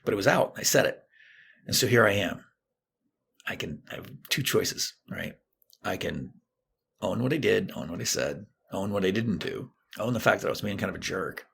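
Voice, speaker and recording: His deep, gravelly voice is slightly rough and moves at a moderate pace. As a podcast guest, the middle-aged therapist tells a personal story in an animated way, voicing what people said to him.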